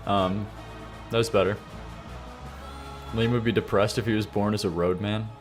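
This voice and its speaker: A man's voice: on the low side, steady tone, moderate pace, over music. A young man streaming live, reviewing songs in casual chat, blunt and joking as he reads and argues with his chat. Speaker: streamer reviewing viewer song submissions.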